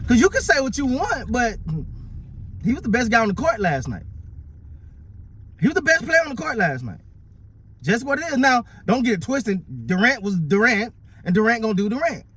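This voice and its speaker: A man giving casual, animated sports commentary, often stumbling over and repeating his words. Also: very high voice, breathy edge.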